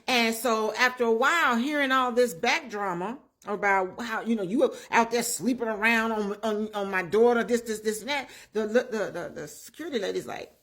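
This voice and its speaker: A woman hosting her own channel, chatting through a recap of comedy skits in a lively, storytelling way and talking straight to her viewers. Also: on the high side, normal speed, few pauses. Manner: animated storyteller who acts out the characters' lines; chatty, addresses viewers directly. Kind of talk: casual recap and commentary.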